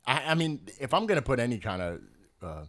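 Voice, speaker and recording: Man, casual podcast chat, lively up-and-down voice, laughs a lot. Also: medium pitch, quick pace. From New York. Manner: animated storyteller, slips into put-on accents, laughs often. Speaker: podcast co-host.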